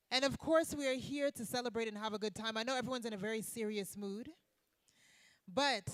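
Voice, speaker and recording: Hosting an evening awards gala at a banquet hall, this woman energizes the audience and draws their reactions. She speaks a little high, with no room sound in the recording.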